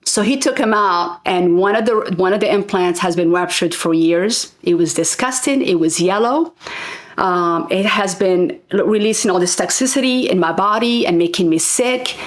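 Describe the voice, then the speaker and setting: A woman in her forties, a guest telling her personal health story with earnest, halting speech and frequent restarts. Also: mid-range voice. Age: 40s. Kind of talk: emotional personal testimony.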